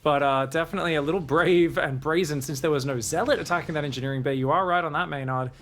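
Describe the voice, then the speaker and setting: A man rattles through live esports play-by-play at a quick clip. His voice sits somewhat high, and he drives each point forward with energy and frequent tag questions. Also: fairly bright tone. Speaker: esports caster.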